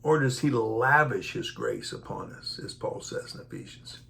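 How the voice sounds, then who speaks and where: A man's voice: medium pitch, normal speed, creaky. A man preaching a Bible teaching sermon, reading verses aloud and then retelling them in folksy everyday speech, acting out the disciples' voices. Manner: animated, acts out the disciples' voices.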